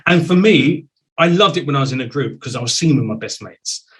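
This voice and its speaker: A man hosting an interview show, telling stories in a lively, animated way. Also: mid-range voice, fairly quick, poor audio. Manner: animated storyteller, voice swings up with excitement. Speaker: show host and singer. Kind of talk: casual video-call interview.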